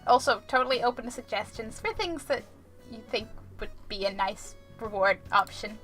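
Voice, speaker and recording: Brief: a playful woman streamer who chats with her viewers while gaming. High, bright voice, loose and punny. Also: moderate pace, soft background music. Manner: playful, punning, chatting with viewers. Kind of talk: casual live-stream chat while gaming.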